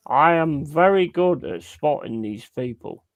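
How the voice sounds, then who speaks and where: A man's voice: on the high side, lively intonation, a little slow, dry recording, highs cut off. A man hosting a casual chat, blunt and swearing freely. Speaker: host.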